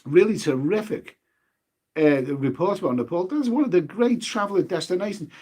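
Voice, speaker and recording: A man's voice: sits high, lively intonation, moderate pace, darkish tone. A man hosting a travel live stream in a casual, rambling way, repeating his words and leaning on fillers. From United Kingdom.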